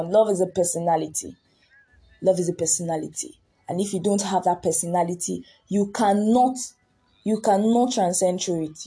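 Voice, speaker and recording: A woman preacher with a warm, mellow, slightly husky mid-range voice delivers a sermon. She speaks earnestly, circles back on her words and poses rhetorical questions to her listeners.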